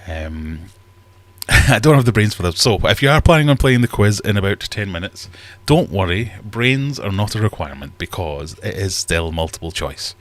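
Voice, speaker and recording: Low-voiced chatty man host. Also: sing-song, normal speed. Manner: rambling, chatty, self-deprecating. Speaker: livestream host. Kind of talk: casual livestream chat. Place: home fish room.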